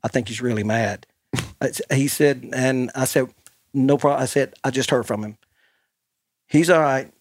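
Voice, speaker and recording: A man's voice: medium pitch, moderate pace, pauses often, no echo, studio quality. A man hosting a podcast, telling a rambling anecdote in casual chat and laughing often. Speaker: podcast host.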